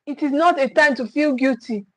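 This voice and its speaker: A woman's voice: high-pitched, normal speed, a bit bright, dry recording, low-quality recording. A woman gives a livestream parenting talk. She speaks earnestly, repeats her points and acts out what parents say. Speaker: parenting coach.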